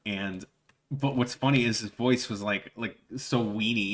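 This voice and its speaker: A man's voice: lowish voice, normal speed, a little hiss or hum. Giggly man telling stories. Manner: laughs often, storytelling, restarts. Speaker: streamer. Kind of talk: casual chat while drawing.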